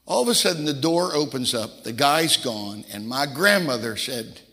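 A man's voice: medium pitch, sing-song, moderate pace, few pauses, bright, forceful tone. An older man preaching a sermon, telling folksy personal stories and acting out the voices of the people in them. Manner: folksy storyteller, acts out quoted voices. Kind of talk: sermon storytelling. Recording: reverberant hall.

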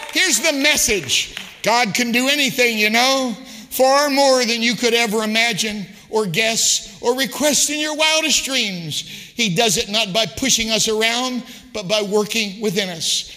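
A man preaching a sermon as a guest preacher, impassioned and rhythmic, rising to shouts, in a church. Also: high voice, big-room sound. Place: church sanctuary.

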